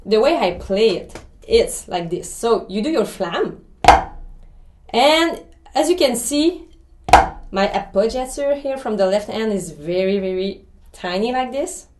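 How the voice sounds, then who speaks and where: Woman, drummer guest, chatty, explains step by step, loud clicking noise behind. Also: fairly high pitch, expressive, unhurried, reverberant. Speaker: drummer guest giving a pad lesson. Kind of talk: casual interview, then drum lesson.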